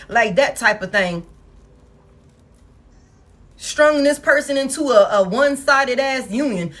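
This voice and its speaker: A woman giving a collective tarot reading, blunt, profane and animated, talking straight to her viewers. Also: fairly high pitch. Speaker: tarot reader.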